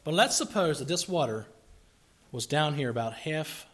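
Animated high-voiced preacher. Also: male voice, moderate pace, husky. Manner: animated, swings from quiet asides to loud emphatic outbursts; acts out grumbling voices and rhetorical questions. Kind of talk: sermon.

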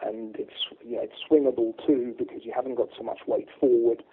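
A man's voice: medium pitch, fairly even intonation, fairly quick, breathy edge. A man, a guest shooting expert, chatting in a rambling way with many fillers in an interview. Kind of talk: casual interview storytelling. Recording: tinny phone-like line.

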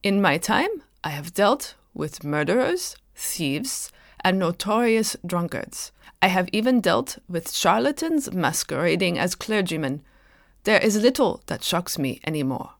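A man's voice: high-pitched, very animated, a little slow, vocal fry, fairly bright tone, no echo, clean studio sound, exaggerated voice. A woman playing an elderly, dignified German clergyman with a German accent, speaking formally.

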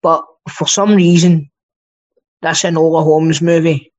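A man's voice: a little high, little pitch movement, measured pace. A Scottish man co-hosting a podcast in casual chat, rambling and swearing freely. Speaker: podcast co-host. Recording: dull lo-fi sound.

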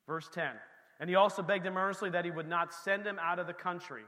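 A man preaching a sermon in a church, swinging between loud emphasis and soft, quiet passages. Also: sits high, long reverb tail. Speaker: pastor.

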